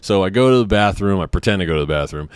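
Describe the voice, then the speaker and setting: Deep-voiced man telling a story. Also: racing, clear, resonant tone, dry recording. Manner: animated, acts out the scene in quotes, swears freely. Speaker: channel host. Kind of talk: casual personal storytelling.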